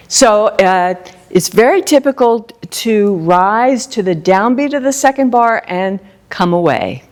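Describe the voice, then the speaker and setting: Woman teaching a music masterclass. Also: medium pitch. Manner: explanatory, sings little phrases, asks the class questions. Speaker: flute teacher. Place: music store event space.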